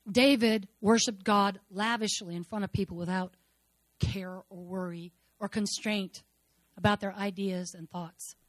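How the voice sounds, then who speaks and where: A woman shares her testimony with a congregation in a fervent, repeating cadence. Her voice climbs into loud declarations, then drops to near-murmurs. The sound is dry and close, with no room echo. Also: fairly low pitch. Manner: fervent, repetitive, swings between loud declarations and hushed murmurs. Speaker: speaker sharing a personal testimony. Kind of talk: emotional church testimony.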